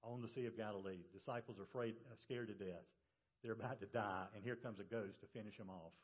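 A male pastor preaching a sermon to his congregation in a relaxed, storytelling way. He drops his voice low for quoted words. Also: fast, highs cut off. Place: church service.

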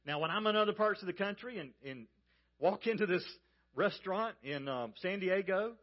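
A pastor from the American South with a Southern accent, preaching a sermon in a folksy storytelling manner and speaking straight to the congregation. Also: male voice, high-pitched, animated, normal speed, dull audio. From Georgia, US South.

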